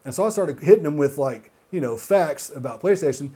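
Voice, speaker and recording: A man hosting a gaming video who rants heatedly and profanely, swinging between loud outbursts and muttered asides. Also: fairly high pitch, animated, fairly quick, breathy edge. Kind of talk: solo rant monologue.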